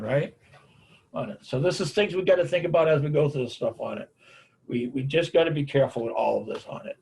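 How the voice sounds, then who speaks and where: A man's voice: a little high, creaky, breathy edge. A middle-aged American man giving a folksy, anecdotal talk on caregiving and grief, often tagging his sentences with "man" and "on it.". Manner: folksy storyteller, repeats "man, on it". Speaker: caregiving speaker.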